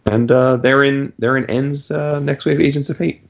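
In casual conversation, a man animatedly recaps a story, swearing freely and acting out the characters' lines in jumping voices. His mid-range voice has vocal fry and a moderate pace, and the audio is dull.

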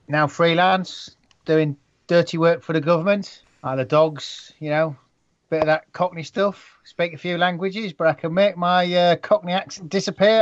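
A man's voice: fairly high pitch, no room sound. A man, a tabletop player, introducing his character in offhand, clipped phrases. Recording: dull dry lo-fi sound.

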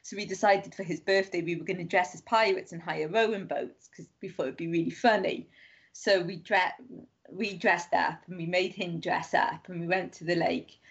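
A woman's voice: fairly low pitch, steady tone, moderate pace. A woman telling rambling anecdotes as a podcast guest, full of "like" and acted-out quoted voices. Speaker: guest author. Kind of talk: casual chat. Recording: muffled lo-fi sound.

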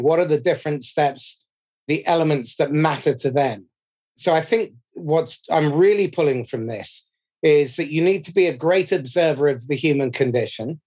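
A man hosting a podcast interview, speaking in a measured, reflective way as he sums up points. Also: fairly high pitch, darkish tone. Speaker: podcast host.

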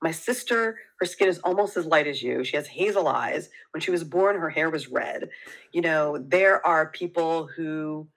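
Woman, New York accent, earnest, animated, podcast guest. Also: low voice, moderate pace, rough recording. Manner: earnest, animated, laughs easily. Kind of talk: casual chat.

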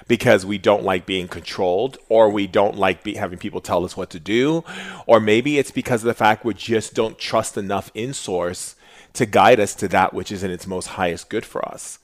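A man hosting a casual spiritual chat, telling stories animatedly and acting out quotes. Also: fairly low pitch. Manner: animated storyteller, acts out quotes. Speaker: podcast host.

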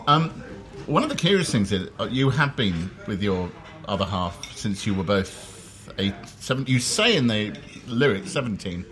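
A man's voice: fairly low pitch, animated, moderate pace, fairly bright tone. A man from South London interviewing a guest over a meal, telling wry, self-deprecating stories. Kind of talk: casual chat over a meal. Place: dinner table. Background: clinking cutlery and dishes.

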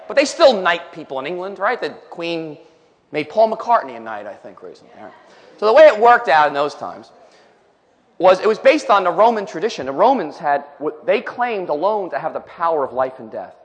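A male preacher delivering an emphatic sermon, reading scripture aloud and commenting between the verses. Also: fairly high pitch. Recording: long hall reverb.

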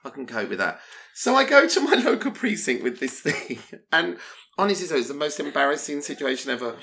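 A British man hosting a casual interview, telling lively anecdotes and laughing often. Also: a little high, a little fast, gravelly, a little hiss or hum. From Britain. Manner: animated storyteller, mimics voices, laughs often. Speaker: interviewer host.

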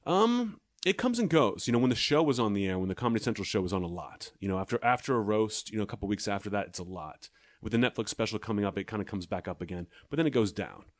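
A man with a lowish voice, speaking quickly and with a dry, sardonic edge. He is a comedian trading stories in a relaxed conversation and sometimes jumps into quick impressions of the people in them. The sound is close and dry, with no room around it. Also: no echo. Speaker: stand-up comedian guest. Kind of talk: casual chat.

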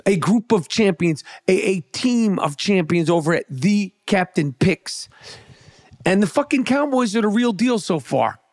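A man's voice: sits high, lively intonation, a little slow, a little mellow, no room sound, studio quality. A man giving a brash, profane, hyped-up rant about the football weekend and his fantasy team. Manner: brash, swearing, hyped, repetitive. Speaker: sports commentator.

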